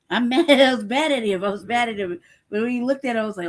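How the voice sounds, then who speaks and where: A woman's voice: mid-range voice, normal speed. A woman hosting a casual live chat, telling stories, laughing often and swearing freely. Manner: laughing often, profane, animated storytelling. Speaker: host.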